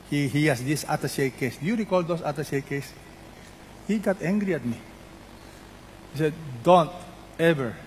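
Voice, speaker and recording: A man's voice: on the high side, darkish tone, a little hiss or hum. An older man preaching a sermon, emphatically repeating key words and putting questions to his congregation. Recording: long hall reverb.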